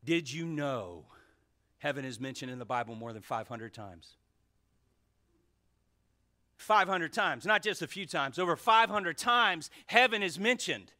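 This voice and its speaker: A male pastor preaching a sermon to his church, fervent and shifting between shouts and hushed asides. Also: a little high, animated, unhurried, pauses often. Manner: fervent, swings from shouting to near whispers. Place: church sanctuary.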